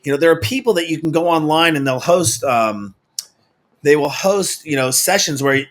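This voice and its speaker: A man's voice: fairly high pitch, moderate pace, a bit bright. A man hosting a casual interview, rambling and restarting with friendly asides. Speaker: show host. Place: remote video call studio.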